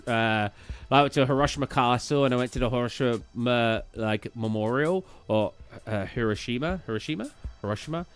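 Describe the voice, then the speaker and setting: A man's voice: mid-range voice, clear, resonant tone. A young British man streaming a game live, chatting casually and rambling, often tripping over words. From Britain. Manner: rambling, chatty, stumbles over place names. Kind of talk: casual chat while live gaming.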